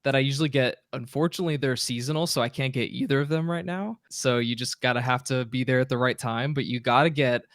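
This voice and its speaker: Gravelly relaxed man from Texas. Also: medium pitch, quick pace, few pauses, no room sound, clean studio sound. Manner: relaxed, lots of fillers like "you know". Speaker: guest DJ. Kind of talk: casual chat.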